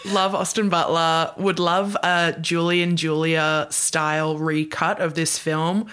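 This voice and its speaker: A woman's voice: low-pitched, little pitch movement, measured pace, fairly bright tone, smooth. A woman co-hosting a casual pop culture podcast, chatty and full of "like", laughing often. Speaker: podcast co-host.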